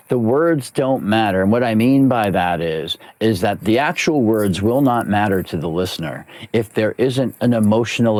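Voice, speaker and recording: Low-voiced man explaining voice acting. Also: no room sound. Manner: animated, explanatory, repeats key phrases. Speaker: voice actor and coach. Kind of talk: interview guest explaining his craft.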